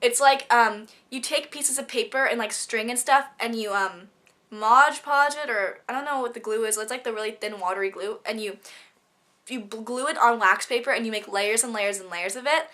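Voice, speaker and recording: Bright-voiced teen girl vlogger, gushing and chatty, nasal from a cold. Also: a little high. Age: teens. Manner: bubbly, gushing, rapid chatter. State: stuffy from a cold. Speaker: student vlogger. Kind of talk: casual vlog chat.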